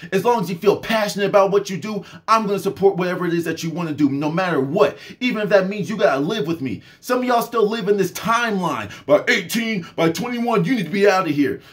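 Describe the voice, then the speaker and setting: Fired-up young man ranting, high voice. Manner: fervent, preachy, talks straight to the audience. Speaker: spiritual and health vlogger. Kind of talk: impassioned rant to camera.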